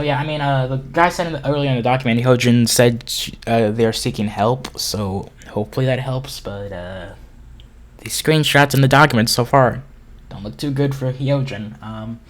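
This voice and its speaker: A man hosting a commentary channel, reading a document and chat logs aloud in a halting way, with frequent fillers and restarts. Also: medium pitch. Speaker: YouTube commentary host.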